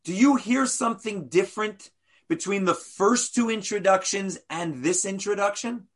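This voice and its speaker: A man teaching a class as a rabbi, animated, full of rhetorical questions and playful asides. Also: high voice, moderate pace.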